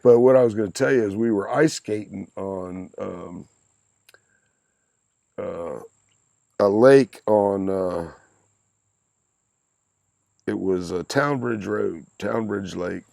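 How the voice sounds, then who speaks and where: A man in his sixties telling lively stories from his youth in a casual chat, with salty language and chuckles. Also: fairly low pitch, takes it slowly, creaky, pauses often, dry recording. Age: 60s. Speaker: podcast guest, host's father. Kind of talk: casual storytelling.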